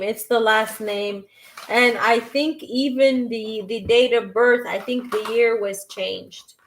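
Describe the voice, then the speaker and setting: A woman doing a live-stream tarot reading, reading chat questions aloud and answering them in a halting way, with frequent restarts. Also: mid-range voice, rough recording. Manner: slow and unhurried. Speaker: tarot reader.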